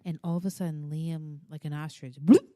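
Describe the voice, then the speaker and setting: A woman in her thirties co-hosting a podcast, telling stories in an animated, casual way, swearing freely and acting out the voices of people in her stories. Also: deep voice, a little fast, no echo, clean studio sound. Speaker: podcast co-host. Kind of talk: casual chat.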